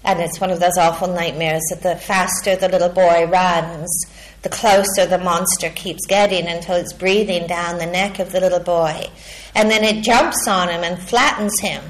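Measured, reflective woman teaching meditation. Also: fairly low pitch, steady tone. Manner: measured and reflective, with pauses and a questioning "hmm?". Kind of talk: dharma talk.

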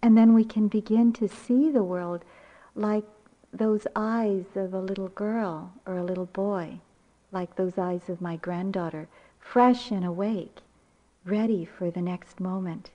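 An older woman giving a dharma talk as a meditation teacher, with reflective, unhurried storytelling. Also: mid-range voice, fairly even intonation, dark tone. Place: retreat center meditation hall. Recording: muffled lecture recording.

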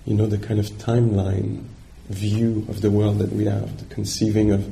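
Gravelly low-voiced male meditation teacher. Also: completely flat delivery, moderate pace, hardly any pauses, mellow, a little hiss or hum. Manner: searching, hesitant, checks in with listeners. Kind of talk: dharma talk.

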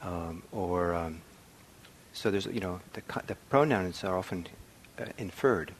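Middle-aged male meditation teacher, low voice, reflective and unhurried, faint room hum behind him. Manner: soft-spoken, reflective, with frequent ums and restarts. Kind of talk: dharma talk. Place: meditation hall.

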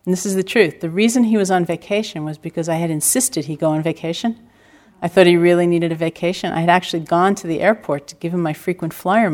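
An older woman teaching meditation in a calm, reflective dharma talk, telling stories with gentle self-deprecating humor. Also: on the low side. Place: retreat center hall.

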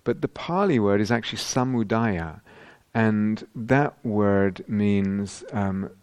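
A male meditation teacher answering a question at a retreat, thinking aloud with frequent restarts and pauses. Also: on the low side, a little mellow, clear, resonant tone, dry recording. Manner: thoughtful, searching for words, many restarts. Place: meditation hall.

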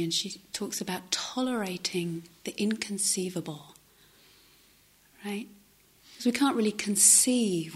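Soft, breathy woman teacher. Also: fairly low pitch. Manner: soft, halting, often dropping to a near-whisper. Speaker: meditation teacher. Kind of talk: reflective dharma talk.

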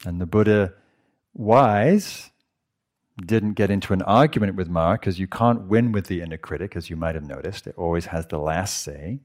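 A man, a meditation teacher, giving a gentle, conversational dharma talk to a retreat audience and asking them questions. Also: sits low, moderate pace. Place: meditation hall.

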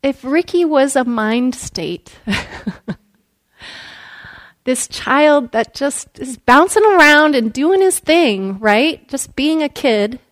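Woman giving a gentle meditation talk. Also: high-pitched, expressive, slow. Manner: storytelling, gentle, laughs often. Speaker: meditation teacher. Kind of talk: dharma talk.

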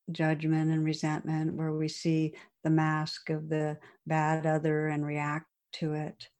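Low, mellow-voiced woman giving a dharma talk. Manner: gentle, unhurried, with soft pauses and fillers. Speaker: meditation teacher.

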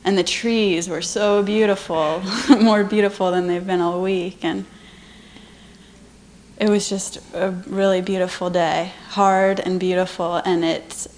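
A woman's voice: mid-range voice, steady tone, a little slow, darkish tone, slight background noise. A woman at a meditation retreat, sharing a personal experience earnestly and emotionally. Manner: earnest, emotional, laughing often. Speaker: retreat participant.

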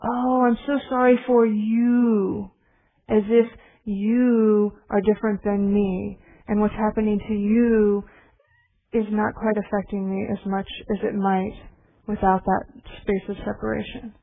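Brief: middle-aged woman teacher, gentle reflective dharma talk, tinny phone-like sound. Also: medium pitch, flat delivery, measured pace, vocal fry. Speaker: meditation teacher.

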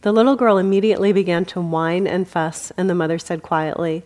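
A woman meditation teacher giving a dharma talk at a meditation center. Her voice sits a little low, and her delivery is gentle and unhurried, with easy humor and laughter worked into the teaching. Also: steady tone. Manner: gentle and warm, with light humor and frequent laughter.

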